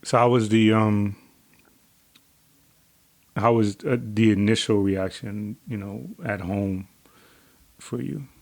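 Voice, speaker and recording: Man, lowish pitch, podcast host, interviewer, gentle halting questions. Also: fairly even intonation, vocal fry.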